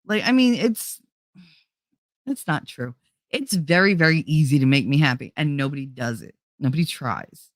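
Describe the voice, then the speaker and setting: A woman's voice: expressive, moderate pace, no echo. Brash swearing woman streamer, dry sound. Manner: swearing, laughing, swings high and low in pitch. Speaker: streamer host. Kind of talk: casual livestream chat. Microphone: desk microphone.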